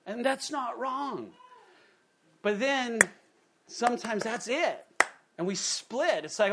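Animated male preacher telling a story. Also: high voice, slow pace, pauses often. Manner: animated storyteller acting out quoted voices. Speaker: pastor. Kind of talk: sermon storytelling.

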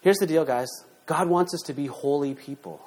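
A man's voice: a little high, moderate pace, slightly rough. Emphatic man preaching. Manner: emphatic, rhetorical questions, lively shifts in loudness. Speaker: pastor. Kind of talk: sermon.

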